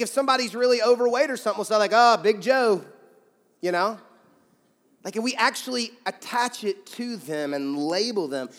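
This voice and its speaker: A man's voice: sits high, fairly bright tone. A young man preaching a sermon in a conversational, storytelling way, acting out quotes. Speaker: pastor. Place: large church sanctuary. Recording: hall reverb from church sanctuary.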